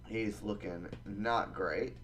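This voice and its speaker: A man running a tabletop game as dungeon master, narrating combat in a relaxed, halting way. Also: fairly low pitch, a little hiss or hum.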